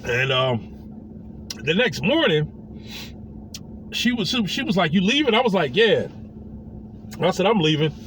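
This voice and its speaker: Speaking at a measured pace with long pauses, a high-voiced man relates a personal story casually in a sing-song, fairly bright tone. He swings his pitch widely and voices the people he quotes, with faint noise behind him.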